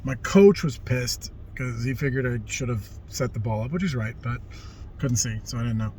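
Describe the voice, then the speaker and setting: A man's voice: medium pitch, normal speed, a little mellow, a little hiss or hum. A middle-aged man casually telling rambling stories from his youth, livening up when he quotes people. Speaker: vlogger telling life stories. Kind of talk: casual storytelling.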